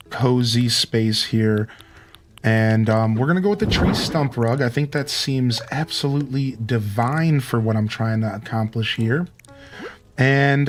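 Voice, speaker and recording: A man streaming a cozy building game, chatty and upbeat as he thinks aloud about his choices. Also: mid-range voice. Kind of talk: let's play commentary.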